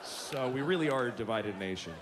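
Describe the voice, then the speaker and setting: A man's voice: medium pitch, expressive, a little fast, big-room sound, background noise. A man in his forties telling exasperated, self-mocking stand-up stories on stage. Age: 40s. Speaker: stand-up comedian. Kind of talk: stand-up comedy storytelling.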